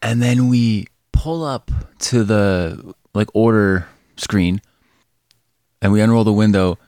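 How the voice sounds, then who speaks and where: A man's voice: fairly low pitch, slow pace, a little mellow, no room sound, clean studio sound. A man co-hosting a podcast, telling a story in casual chat, rambling and laughing often, swearing freely. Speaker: podcast co-host.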